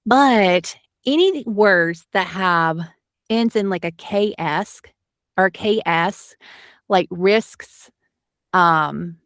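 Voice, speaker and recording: A woman's voice: mid-range voice, very slow, a bit bright, no echo, clean studio sound. A woman from Alabama with a light, toned-down Southern accent, chatting in an interview as an audiobook narrator, rambling with lots of fillers. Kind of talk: casual interview.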